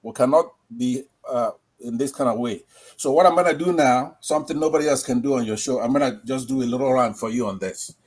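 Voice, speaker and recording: A man's voice: medium pitch, brisk. A man speaks emphatically on a call-in line. He drives his points home and caps them with rhetorical tag questions. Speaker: caller. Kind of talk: call-in commentary.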